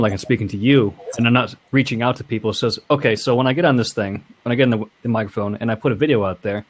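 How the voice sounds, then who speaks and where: A man who runs a podcast, chatting casually and plainly about how he uses his voice. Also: mid-range voice. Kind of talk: casual conversation.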